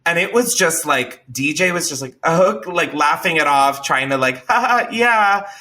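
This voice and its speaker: Man, casual storytelling, bright forceful voice, swears a lot, shouty impressions. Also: fairly high pitch, normal speed.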